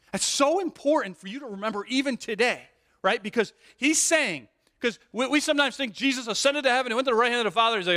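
A male pastor preaching a sermon with animated delivery, rhetorical questions and frequent "right?" asides, restarting and repeating words as he builds a point. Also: extremely high pitch, quick pace. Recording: long hall reverb.

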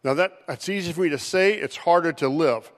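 High-voiced animated man preaching in a reverberant hall. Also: brisk. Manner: animated, acts out Bible figures' voices with rising pitch. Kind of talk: sermon.

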